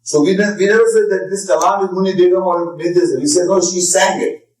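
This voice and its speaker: A male lecturer who hammers his points home through repetition and emphasis. His voice sits fairly high. He is heard from a distance in a reverberant room. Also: fairly even intonation, fast talker, a little mellow. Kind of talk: lecture with audience questions. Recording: echoey room, voice from far off.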